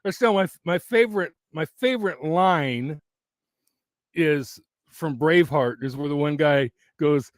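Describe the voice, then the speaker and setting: A man's voice: on the high side, lively intonation, unhurried, dry recording, clean studio sound. A man hosting his YouTube channel in casual live chat from home, rambling with frequent restarts and laughs, his voice wearing thin. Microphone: very close to the mic.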